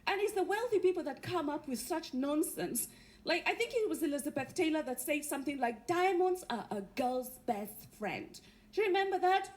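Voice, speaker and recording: Brisk and animated, a woman with a high-pitched voice and a Kenyan accent delivers wry, punchline-driven stand-up to a laughing theatre audience. It's a live theatre recording with faint noise.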